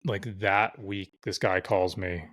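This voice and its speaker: A man's voice: deep voice, steady tone, slow pace, a bit bright, dry recording. A man guesting on a podcast, telling stories in a loose, profane way with lots of fillers. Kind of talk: casual storytelling chat.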